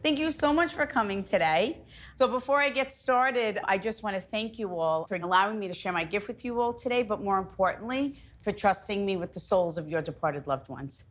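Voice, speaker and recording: A woman's voice: mid-range voice, animated, fairly quick. A middle-aged woman, a psychic medium addressing a live audience in a chatty, emphatic way. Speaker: psychic medium leading a group reading.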